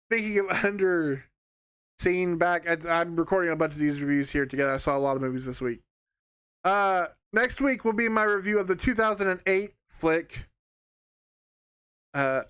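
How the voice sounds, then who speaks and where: A man's voice: a little high, a bit bright, clear, resonant tone, dry recording. A young man giving a casual spoken film review, rambling and sarcastic with lots of fillers and restarts. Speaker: movie reviewer.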